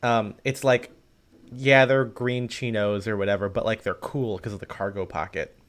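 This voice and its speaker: A man's voice: on the low side, fairly even intonation, moderate pace. Rambling chatty man. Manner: rambling, many fillers and restarts. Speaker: podcast co-host. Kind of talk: casual chat.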